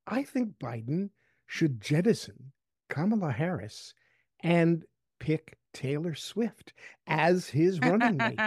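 A man's voice: on the high side, big pitch swings, slow, slightly rough, dry recording, studio quality. A man on a political panel who tells playful anecdotes. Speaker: political commentator.

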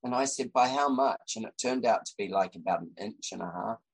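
A man's voice: on the low side, fast, gravelly, darkish tone, husky, low-quality recording. An Australian man, a designer and podcast guest, telling a story in casual chat with lots of fillers and restarts.

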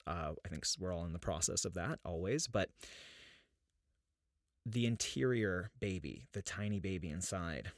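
30s guy hosting a podcast, deep voice, earnest and searching, restarts a lot, dry sound. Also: no echo. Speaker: podcast host. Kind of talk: reflective spiritual podcast talk.

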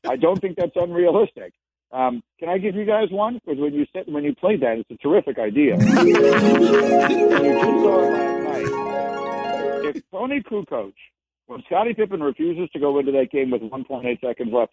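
Calling into a relaxed radio interview by phone, an ex-sports reporter makes his points through repeated phrases. His mid-range voice has a warm tone despite the dry, tinny phone line.

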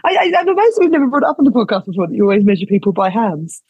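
A woman co-hosting a comedy podcast, firing off quick teasing questions and laughing often in casual chat. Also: medium pitch, big pitch swings, slightly rough, no echo, lo-fi sound. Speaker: podcast co-host.

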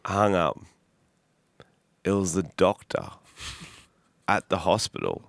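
A man co-hosting a podcast, telling stories loudly in casual chat, swearing freely, recorded in a studio. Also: deep voice, big pitch swings, slow pace, gravelly, dry recording. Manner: loud, swearing, storytelling. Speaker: podcast co-host. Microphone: headphones and studio mic.

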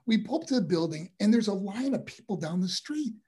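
A man's voice: high voice, fairly quick, slightly rough. A middle-aged man, a former wrestler and boxer, telling rambling stories in a casual interview. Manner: rambling, animated storytelling with restarts.

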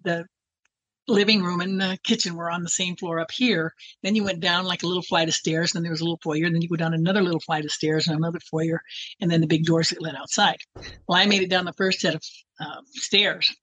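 A woman with a husky voice telling a personal story in a rambling way, full of fillers and restarts. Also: fairly low pitch, fairly even intonation, brisk, fairly bright tone, dry recording, lo-fi sound. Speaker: interviewee.

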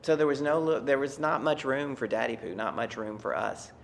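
A man's voice: mid-range voice, brisk, creaky. A man in his fifties from Texas telling a personal story in a reflective, conversational way with wry asides.

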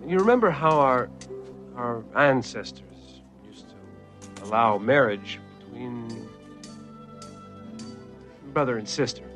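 A man's voice: medium pitch, animated, slow, long pauses, a bit bright, faint music behind. An actor playing an earnest young male hero in an old film, speaking in a hesitant, earnest way. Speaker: film character. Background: film score.

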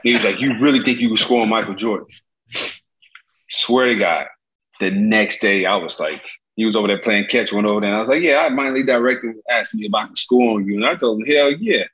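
A man from Gary, Indiana in his fifties, a former baseball pitcher telling stories as a guest and acting out the voices of the people he quotes. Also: quick pace, rough recording. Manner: animated, acts out quoted voices. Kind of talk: casual storytelling.

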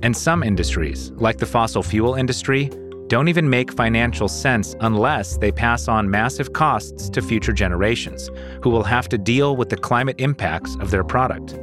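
A man co-hosting a podcast, reading scripted narration in a measured, earnest way. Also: medium pitch, over music. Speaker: podcast co-host.

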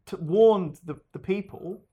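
A man's voice: high-pitched, unhurried, mellow, breathy edge, lo-fi sound. A man telling a story in a casual chat with a friend, rambling with restarts.

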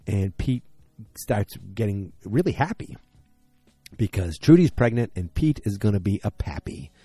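Sleepy, mellow-voiced podcast host. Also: male voice, lowish voice, very animated, measured pace, breathy edge, no echo, soft background music. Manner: rambling, self-correcting. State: tired, yawning late at night. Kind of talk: casual episode recap.

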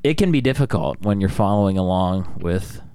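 A man's voice: sits low, animated, moderate pace, dark tone, smooth, dry recording. A man co-hosting a comedy sports podcast in a studio, joking and rambling. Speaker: podcast co-host. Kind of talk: casual comedy chat.

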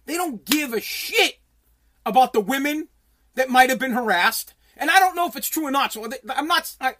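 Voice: mid-range voice, fairly bright tone. A sports talk host giving heated, blunt commentary full of swearing, restarting sentences often while reading viewer comments. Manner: heated, profane, blunt, with frequent repeated restarts.

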